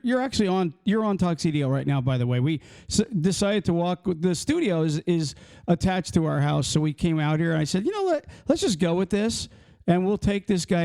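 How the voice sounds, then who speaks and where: A man hosts a casual trucking podcast from a studio at his house, joking and rambling. His voice is fairly high yet mellow and warm. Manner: loose, joking, rambling with restarts. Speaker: podcast host. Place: home studio.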